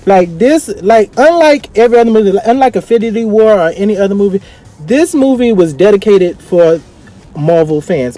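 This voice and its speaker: A young man with speech giving an effusive, dramatic casual vlog review, swinging from excited highs to quiet asides. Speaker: vlogger reviewing a film. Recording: faint music behind.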